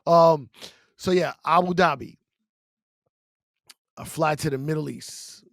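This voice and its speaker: A male comedian and podcast co-host telling a story in casual chat, slangy and animated, acting out what people said. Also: a little high, takes it slowly, gravelly, no echo, studio quality. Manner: animated storyteller, slangy with "bro", acts out exchanges. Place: podcast studio. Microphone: studio mic.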